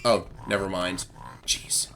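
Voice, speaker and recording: A man's voice: low voice, little pitch movement, slow pace, bright, forceful tone, soft background music. A man hosting a let's play, chatting casually and making wry jokes as he plays. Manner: wry, joking asides. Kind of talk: casual gameplay commentary.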